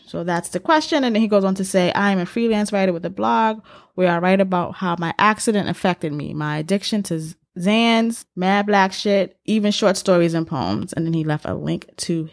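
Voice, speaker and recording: A woman's voice: medium pitch, moderate pace, creaky, dry recording. Brash New York woman podcast co-host in her forties, dry close-miked casual chat. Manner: brash, laughing, profane.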